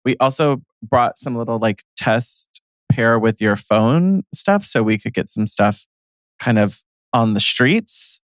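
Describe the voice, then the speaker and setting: A man's voice: medium pitch, slow, dry recording, studio quality. A man co-hosting a casual podcast chat, playful and joking, laughing easily. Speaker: podcast co-host.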